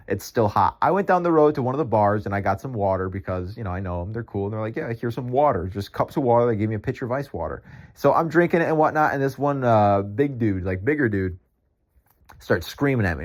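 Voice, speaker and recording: A young man, a podcast host, tells a rambling story in casual speech, full of filler words and swearing. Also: lowish voice. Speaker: podcast host and ice cream vendor.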